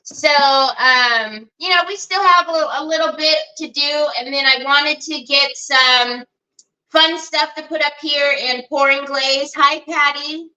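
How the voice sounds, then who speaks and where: Woman, craft livestream host, chatty, lots of fillers, unhurried, bright. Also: high-pitched, fairly even intonation, poor audio. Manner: chatty, greets viewers by name, many fillers. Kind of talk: casual live crafting stream.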